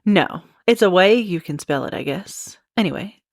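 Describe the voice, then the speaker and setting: Chatty low-voiced woman podcast host. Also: expressive, moderate pace, dry recording, clean studio sound. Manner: chatty, lots of "like" and "you know", laughs at herself. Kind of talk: casual explainer monologue.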